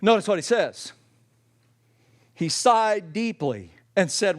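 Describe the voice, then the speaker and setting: High-voiced man preaching emphatically. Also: big pitch swings, slow, pauses often. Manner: emphatic, repetitive preaching with folksy asides. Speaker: pastor. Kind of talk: sermon.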